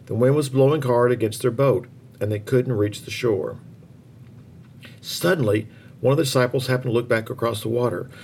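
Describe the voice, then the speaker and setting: A man reading a children's Bible story aloud in an expressive, lively way. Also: medium pitch, normal speed, gravelly, a little hiss or hum.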